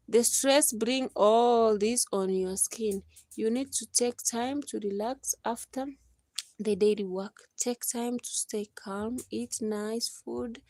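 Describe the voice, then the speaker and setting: A woman's voice: on the high side, dark tone, no room sound, studio quality. A Kenyan woman in her thirties chatting casually on her live stream, laughing often and slipping into preachy advice.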